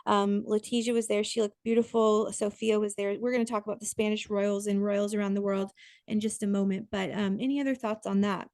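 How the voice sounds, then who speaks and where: A woman's voice: medium pitch, little pitch movement, brisk, a little mellow, no echo. A woman co-hosting a podcast in casual chat, talking in a chatty way that often breaks off and restarts, with lots of fillers. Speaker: podcast co-host. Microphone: podcast microphone.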